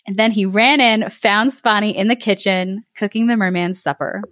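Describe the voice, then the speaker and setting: A woman podcast host reading a folk tale aloud, giggling and adding lively asides. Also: mid-range voice, moderate pace, dry recording, clean studio sound.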